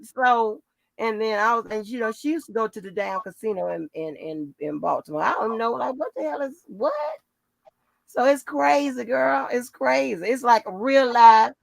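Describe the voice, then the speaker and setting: Sassy woman chatting, girl and honey every other line, gravelly voice. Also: a little high, normal speed. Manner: sassy, calls people girl and honey, swears. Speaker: co-host. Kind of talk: casual chat.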